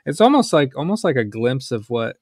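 A man with a New York accent hosting a casual bible study podcast, reading scripture aloud and talking it over in a blunt, forceful way. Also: mid-range voice, sing-song, fairly quick, dry recording, studio quality.

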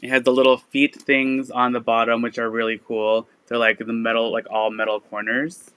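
A man hosting a live resale stream, chatting casually and filling pauses with "like" and "um" while he shows items. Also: medium pitch, little pitch movement, fairly bright tone. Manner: chatty, lots of "like" and "um" fillers. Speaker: online resale seller.

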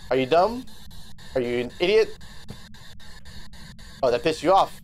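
A man streaming a ghost-hunting game, talking to his viewers in an excitable, rambling way, swearing and trailing off into restarts. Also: fairly high pitch, unhurried, long pauses, slight background noise. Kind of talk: live gameplay commentary.

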